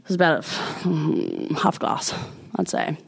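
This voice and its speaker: A young woman tells a story on her podcast in casual, animated chat. Her voice sits fairly low for a woman. She swears freely and laughs often. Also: takes it slowly, creaky, slightly rough. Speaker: podcast co-host.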